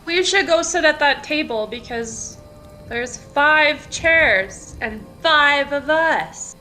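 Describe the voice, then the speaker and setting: A woman player describing her character's moves in a tabletop game, unhurried and hesitant. Her voice is high and bright. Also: expressive, soft background music. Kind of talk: casual tabletop play.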